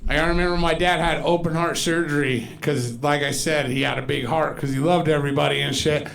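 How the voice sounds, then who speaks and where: A man in his forties performs a profane stand-up set on a club stage, telling loose stories and putting on loud, exaggerated voices. His voice is on the high side and steady with vocal fry, he talks fairly quickly, and there's a little hiss or hum.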